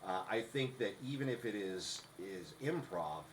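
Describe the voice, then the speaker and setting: A man's voice: on the low side, expressive, moderate pace, a little hiss or hum, rough recording. A man co-hosting a podcast, explaining rehearsal tips in a casual, instructive way. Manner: instructive, restarts often. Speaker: podcast co-host.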